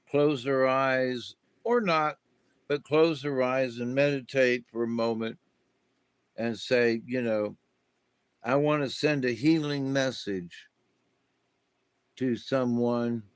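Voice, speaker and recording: A man's voice: mid-range voice, fairly bright tone, clean tone, no echo. A middle-aged man giving a meandering spiritual monologue, with many fillers and restarts. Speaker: spiritual talk host. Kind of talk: rambling casual monologue.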